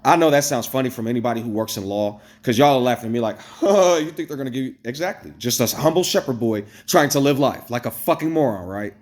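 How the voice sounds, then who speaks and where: Male vlogger, mid pitch, blunt and profane, animated rant delivered to camera. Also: quick pace, few pauses. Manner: blunt and profane, addresses viewers directly; animated, jumps between high exclamations and low asides. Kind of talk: casual ranting storytelling to camera.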